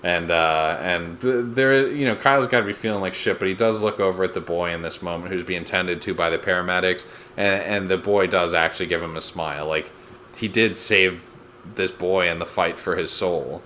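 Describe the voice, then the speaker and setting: Man, podcast co-host, deep voice, rambling casual recap, faint hiss behind. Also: moderate pace, bright, forceful tone. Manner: rambling, fillers, quotes scenes with put-on voices.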